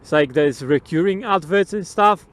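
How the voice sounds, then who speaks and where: A man's voice: on the high side, normal speed. A man riding outdoors on a motorbike, giving his opinions in a rambling, casual way, swearing freely and laughing often. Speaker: motovlogger.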